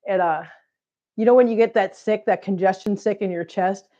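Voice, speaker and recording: Breathless woman host with a dark voice. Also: medium pitch, steady tone, normal speed, lo-fi sound. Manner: chatty, teasing, laughs often, reads out viewer comments. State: short of breath, chest congestion. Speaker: cat channel livestream host. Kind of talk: casual livestream chat. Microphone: close mic, breathing audible.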